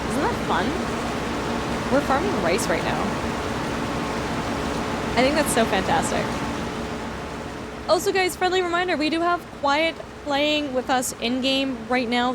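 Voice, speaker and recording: A young woman from Canada chats casually with her stream audience while she plays a farming game. Her voice sits high, and she is self-deprecating and keeps thanking viewers. A clear hiss of noise runs under the mic. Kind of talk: casual livestream chat while gaming.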